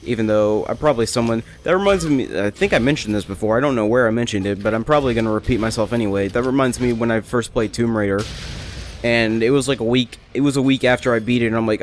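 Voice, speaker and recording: A man's voice: mid-range voice, quick pace, a little hiss or hum. A young man rambling and joking through casual gameplay commentary, often correcting himself mid-sentence. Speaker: let's play gamer.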